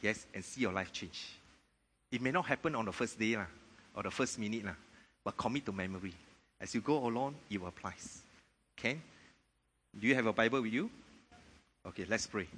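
A man preaching a sermon in a church hall, firing off rhetorical questions and swelling louder on key points. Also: lowish voice, fairly quick, long pauses. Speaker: pastor. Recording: long hall reverb.

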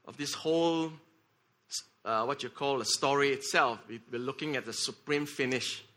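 A man's voice: mid-range voice, normal speed. A man preaching a sermon, often repeating words and checking in with the congregation by asking "okay?" and "right?". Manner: leads the congregation in shouting together.

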